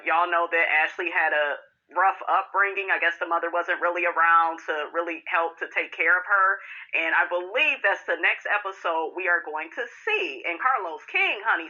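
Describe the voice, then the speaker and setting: A woman hosts a podcast in a sassy, chatty way, dropping "honey" and "okay?" all through. Her voice is strikingly bright and sharp. The recording is dull and lo-fi. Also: lowish voice. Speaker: podcast host. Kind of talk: casual reality TV recap.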